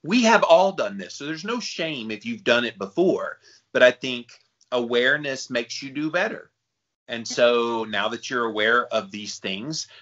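A man co-hosts a casual podcast and sums things up for listeners in an upbeat way. His voice is lowish but bright and forceful. The audio is a little dull. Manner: upbeat, wraps up topics for listeners. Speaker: podcast co-host.

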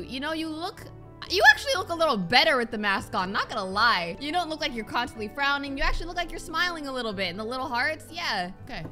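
A young woman doing casual let's-play commentary on a horror game, animated and jokey and easily startled. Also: a little high. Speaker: gaming YouTuber.

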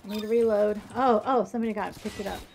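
A woman streamer chatting casually through a game, excitable and talkative with bursts of exclamations. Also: medium pitch, quick pace. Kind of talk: casual gameplay commentary. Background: clear music and game gunfire.

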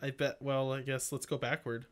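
A man co-hosting a casual game playthrough, joking, excitable and telling the player where to go. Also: mid-range voice, normal speed. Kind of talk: casual gameplay banter.

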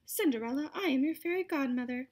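A woman voicing a kind fairy godmother in a storybook reading, calm and gently commanding. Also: high voice, fast, lightly acted. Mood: cheerful.

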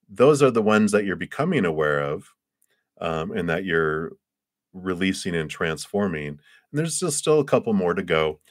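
A man giving live tarot readings in a gentle, rambling way with playful asides. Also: sits low, no room sound, studio quality. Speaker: tarot reader.

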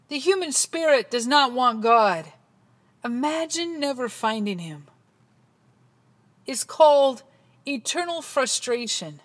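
A woman preaching a dramatic sermon that swings between hushed passages and loud ones. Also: a little high.

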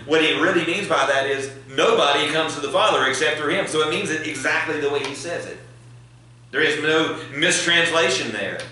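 Guy pastor preaching, kinda high voice, lots of church echo. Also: pushed and bright. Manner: preaching with rising emphasis and prayer. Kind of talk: sermon. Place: church sanctuary. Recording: echoey church hall, mic at a distance.

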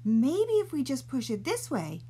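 A woman voicing a gentle, patient mother in a storybook reading, coaxing in a high sing-song. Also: wildly swooping pitch, unhurried, a little hiss or hum, heavily acted. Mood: reassuring.

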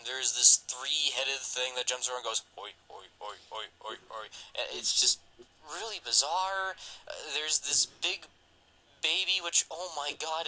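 Man, podcast co-host, very bright voice, joking, giggly, animated film recap. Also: on the high side, poor audio. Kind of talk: casual film discussion.

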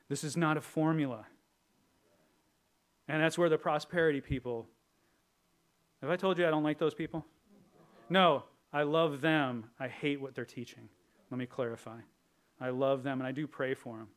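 Male pastor, sermon, fairly high voice, lively and joking, then hushed and earnest on serious points. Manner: animated and humorous, acting out prayers in a raised voice.

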